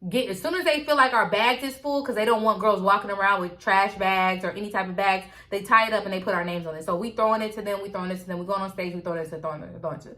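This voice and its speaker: A woman's voice: medium pitch, fast talker, few pauses, bright, forceful tone. A woman vlogger casually telling a story to her viewers, candid and chatty.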